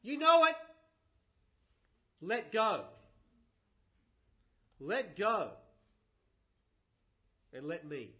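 Patient, calm God voiced by a preacher, brief firm commands. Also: male voice, high-pitched, drawn-out words, pauses often, lo-fi sound, exaggerated voice.

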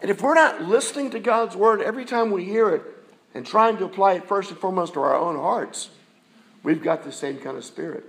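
A man preaching a sermon in a church, his voice pitched high and carrying a gravelly fry. He talks to the congregation in a conversational way and keeps throwing rhetorical questions at them. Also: brisk, fairly bright tone. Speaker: pastor.

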